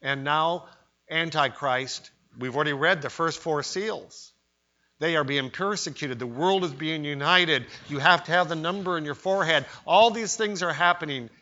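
A man's voice: a little high, moderate pace. Emphatic male preacher, lo-fi recording. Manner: emphatic, rising to loud cries on quoted pleas. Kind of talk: sermon. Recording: dull lo-fi sermon recording.

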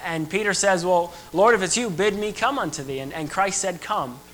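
A man's voice: high-pitched, sharp tone, rough recording. A young man preaching an earnest, emphatic sermon to a church. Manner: earnest, emphatic preaching with rising and falling intensity.

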